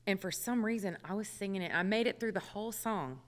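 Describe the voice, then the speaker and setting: A woman's voice: mid-range voice, fast, in a large hall. A woman singer chatting as a radio interview guest, with many fillers and laughs, in a studio. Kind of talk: casual radio interview chat.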